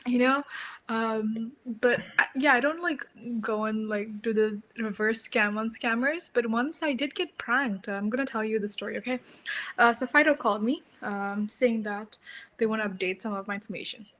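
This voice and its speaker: A young woman co-hosting a casual chat show, telling a story in an animated way and swearing freely. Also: on the high side, moderate pace. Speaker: co-host.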